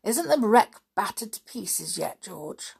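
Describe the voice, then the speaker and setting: A woman's voice: mid-range voice, big pitch swings, takes it slowly, creaky, darkish tone, slightly rough, exaggerated voice. A woman reading the part of a sensible, teasing teenage boy. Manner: bossy, teasing.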